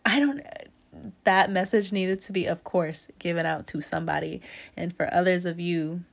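A woman's voice: fairly low pitch, normal speed, gravelly. A woman giving a casual tarot reading straight to her listener. She laughs often and calls the listener fam and homie. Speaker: tarot reader.

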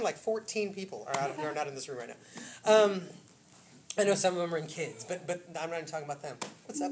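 A woman pastor preaching in a church, chatty and laughing, swinging from loud storytelling to hushed intimate moments. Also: low voice, slight background noise. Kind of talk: sermon. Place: church sanctuary.

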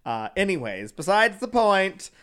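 Brief: man, slightly high voice, playful podcast co-host who laughs a lot. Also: big pitch swings, unhurried, a bit bright. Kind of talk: casual chat.

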